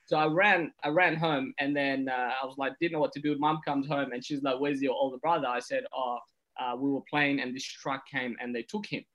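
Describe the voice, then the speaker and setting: Guy comedian on a podcast, animated storytelling, does the voices. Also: medium pitch, moderate pace, muffled recording. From Ethiopia. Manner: animated storyteller, acts out quotes. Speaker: comedian guest.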